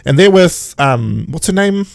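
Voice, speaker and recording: Animated man, dry sound. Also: fairly high pitch, measured pace, vocal fry, dry recording. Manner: animated, sarcastic, mimics characters. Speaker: podcast host. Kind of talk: casual chat.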